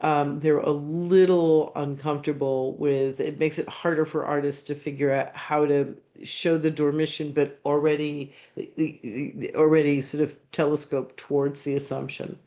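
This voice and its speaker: A man, an art historian, answering questions in an online panel, halting and searching for words with many restarts. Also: fairly high pitch, little pitch movement, mellow.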